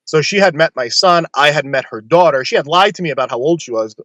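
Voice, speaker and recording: A man's voice: fairly high pitch, animated, fast talker, a bit bright, no room sound. A man casually telling a long personal story on a podcast, blunt and swearing freely.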